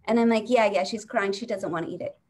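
Speaking quickly at a medium pitch, a woman in her forties does stand-up on a live stream over a video call. It's a rambling, conversational storytelling routine in which she impersonates the people in her anecdotes.

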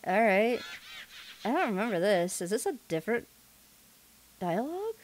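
A woman's voice: medium pitch, expressive, brisk, a little hiss or hum, low-quality recording. A young woman casually commentating a game playthrough, rambling and self-deprecating. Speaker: gaming channel host.

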